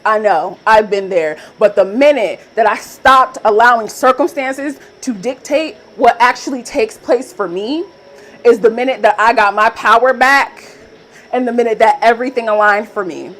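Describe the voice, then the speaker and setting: Young woman, high voice, motivational vlog talk, emphatic repeated affirmations, casual swearing. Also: moderate pace, fairly bright tone, rough recording. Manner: emphatic, repetitive affirmations with frequent profanity; casual, direct address to viewers. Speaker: manifestation coach.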